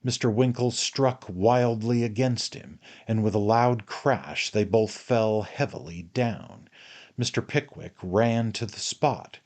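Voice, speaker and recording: Reading a classic novel for an audiobook, a man takes a measured storytelling approach. His voice is lowish and fairly dark in tone.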